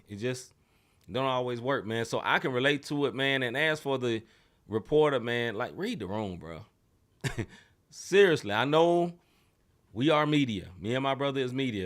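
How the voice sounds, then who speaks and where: A young man co-hosting a casual sports podcast, animated and laughing often as he acts out quotes. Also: medium pitch. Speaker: podcast co-host.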